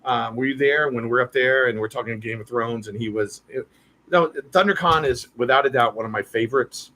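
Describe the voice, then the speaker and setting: A man chatting casually on a live stream, telling stories with playful, animated energy. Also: mid-range voice, fairly quick. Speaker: show regular and guest voice actor.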